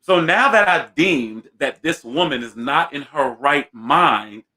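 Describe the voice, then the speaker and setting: A man in his thirties hosting a talk show, telling a comic story in an animated, self-mocking way. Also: fairly high pitch. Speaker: host.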